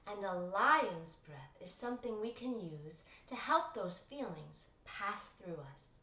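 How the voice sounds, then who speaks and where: Slow, encouraging woman yoga teacher. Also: medium pitch, expressive. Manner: encouraging and playful, coaxing children along. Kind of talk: guided kids yoga lesson. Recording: roomy echo from a distant mic with soft music.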